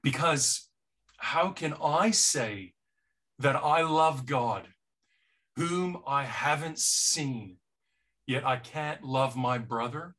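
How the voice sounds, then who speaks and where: Slow, earnest male preacher. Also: mid-range voice, animated, pushed and bright. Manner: slow, earnest and personal, with repeated starts. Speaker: pastor. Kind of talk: sermon.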